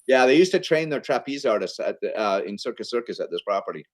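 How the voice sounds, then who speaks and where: A man in an interview, casually telling a business story in an animated, conversational way, often checking in with "okay?" and "right?". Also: medium pitch, fast. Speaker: podcast guest, entrepreneur.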